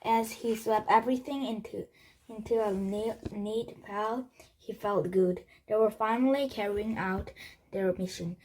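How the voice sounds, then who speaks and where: A woman reading a children's chapter book aloud, halting with frequent restarts and slips. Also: medium pitch, darkish tone, a little hiss or hum, low-quality recording. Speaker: storybook reader.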